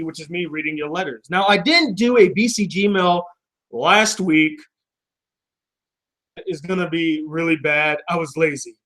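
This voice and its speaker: Profane, joking young man, high voice. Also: a bit bright. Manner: profane, joking, self-deprecating. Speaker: vlog host reading fan mail. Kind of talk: casual rambling vlog. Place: home room.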